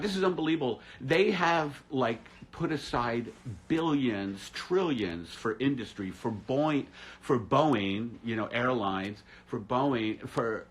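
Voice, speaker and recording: A male comedian hosting a livestream from his apartment, rambling through a sardonic monologue with deadpan gloom. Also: on the low side. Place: at home in an apartment.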